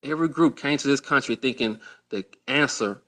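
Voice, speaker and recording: A man's voice: medium pitch, a little fast, fairly bright tone. A man giving blunt opinion commentary in a played clip, talking emphatically, repeating phrases and using plenty of slang.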